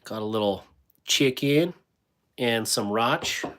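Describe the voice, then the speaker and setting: A man's voice: medium pitch, takes it slowly, fairly bright tone. A man hosting a casual livestream, rambling with many fillers and restarts while he reads viewer comments aloud and answers them. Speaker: livestream host.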